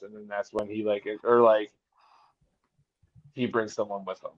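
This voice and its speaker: A man joining a wrestling podcast as a remote guest, relaxed and laughing easily as he chats. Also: on the low side, slow pace, pauses often, no room sound, muffled recording. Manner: relaxed, laughs easily, fantasy-booking enthusiastically. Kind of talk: casual wrestling podcast chat.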